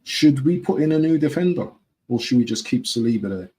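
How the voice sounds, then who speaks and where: A man's voice: medium pitch, expressive, fairly quick, mellow, slight background noise, rough recording. A man from talking casually to his viewers on a live stream, repeating himself and often asking "yeah?". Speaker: football fan streamer.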